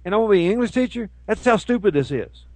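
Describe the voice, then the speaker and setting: Animated ranting man, dry sound. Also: sits high, rapid-fire, dry recording. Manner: ranting, animated, mocks with put-on voices. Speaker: co-host. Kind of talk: casual chat show banter.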